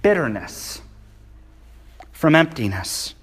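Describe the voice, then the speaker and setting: A man's voice: a little high, big pitch swings, slow pace, a bit bright, husky. A male preacher giving a sermon, speaking emphatically and reading scripture with feeling. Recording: long hall reverb.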